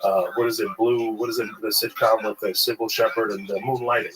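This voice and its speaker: A man in casual interview talk, telling his life story as a stand-up comedian, animated and profane, originally from Kuwait. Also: a little fast, a crowd in the background, low-quality recording. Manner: animated storyteller, jumps high when acting out his younger self. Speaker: guest comedian.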